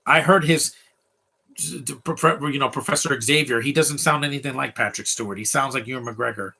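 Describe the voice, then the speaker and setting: A man's voice: mid-range voice, moderate pace, vocal fry, sharp tone, breathy edge. A man giving casual, opinionated live commentary while watching a movie, ranting freely.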